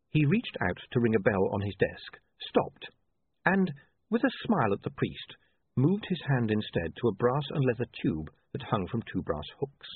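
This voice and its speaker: A man reads a story aloud with dry wit and a lively, expressive rise and fall. His voice is husky. The sound is dry and narrow, like it is coming through a phone line. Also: mid-range voice, moderate pace, dry recording. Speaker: audiobook narrator. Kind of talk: expressive scripted narration.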